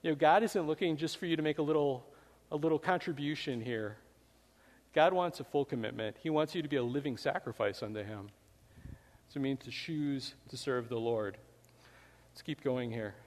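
A male pastor with a mid-range voice preaches in church at a normal speed, talking conversationally and using "you know" a lot. The recording carries a long hall reverb.

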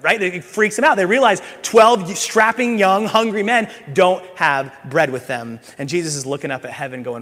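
A middle-aged male pastor preaching a sermon, animated, swinging from loud emphasis to hushed asides and playful acted voices. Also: high-pitched, moderate pace. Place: church sanctuary. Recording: church hall with long reverb.

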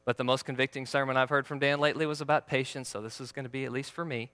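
Man preaching, conversational, joking, bright tense voice, long hall reverb. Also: medium pitch, steady tone, racing, smooth. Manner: conversational, joking, asks the audience questions. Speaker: pastor. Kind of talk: sermon.

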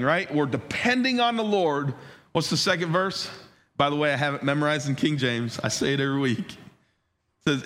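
A man preaching a sermon as pastor, animated, asking the listeners questions and swinging his voice up and down for emphasis. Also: on the high side, normal speed. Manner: animated, rising and dropping for emphasis, asks the congregation questions.

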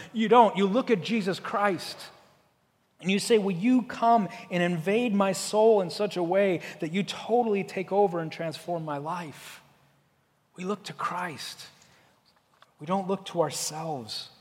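A man preaching a sermon as pastor, earnest, building to forceful emphasis and then dropping soft. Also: sits high, big-room sound.

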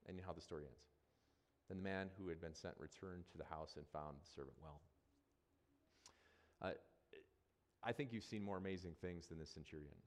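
Pastor, male, deep voice, conversational sermon delivery that repeats phrases for emphasis, long hall reverb. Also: brisk, long pauses.

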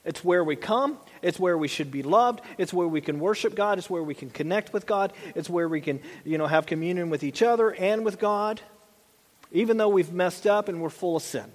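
A man's voice: high voice, moderate pace. A man preaching a conversational sermon as a pastor, often repeating and restarting his phrases. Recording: long hall reverb.

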